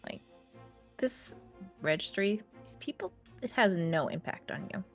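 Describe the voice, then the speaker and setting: A woman's voice: mid-range voice, expressive, faint music behind, pitched above the performer's own voice. Woman doing a condescending icy matriarch. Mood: dismissive. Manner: condescending, measured. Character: cold, condescending older female villain.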